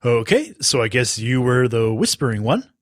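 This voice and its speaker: A man's voice: mid-range voice, sing-song, moderate pace, no echo, clean studio sound, lightly acted. A man doing a clever young boy hero.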